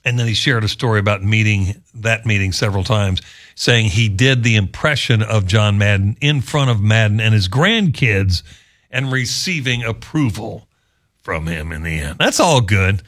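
A male sports radio host chatting in a lively, amused way. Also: fairly low pitch, normal speed. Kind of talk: casual talk show commentary.

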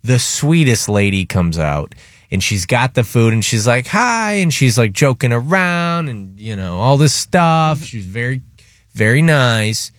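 A man's voice: mid-range voice, expressive, a little slow, dry recording. A man hosting a radio show, telling a rambling, casual story with lots of fillers in a studio. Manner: chatty, rambling anecdotes with many fillers.

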